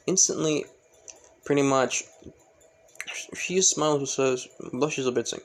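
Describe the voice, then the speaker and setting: A man's voice: mid-range voice, unhurried, long pauses. A man casually narrating a fan story, rambling with many fillers and self-corrections.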